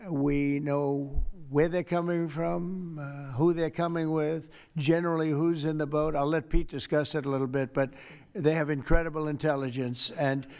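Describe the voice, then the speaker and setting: A man's voice: on the high side, fairly even intonation, moderate pace, darkish tone. Older man rambling at a press event. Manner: rambling, repetitive, boastful asides. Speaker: president answering press questions. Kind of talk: off-the-cuff press remarks. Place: press event, reporters in room.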